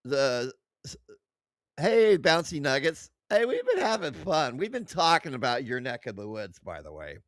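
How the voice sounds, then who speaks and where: This man runs a livestream, mocking chat messages as he reads them aloud, swearing and laughing often right up on his desk mic. His pitch is medium but swoops wildly, his speed is normal, and there's no echo.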